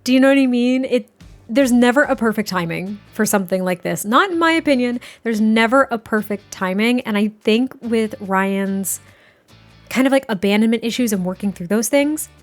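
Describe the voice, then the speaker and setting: A chatty, excitable woman talks through her gameplay as the host of her channel, often laughing and repeating herself. Her voice sits a little high, with faint music behind it. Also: normal speed. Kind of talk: casual gameplay commentary.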